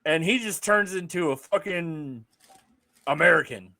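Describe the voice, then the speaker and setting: A man's voice: fairly high pitch, measured pace, sharp tone, dry recording. A man co-hosting a podcast in casual chat, teasing his co-host with lots of swearing and dry sarcasm.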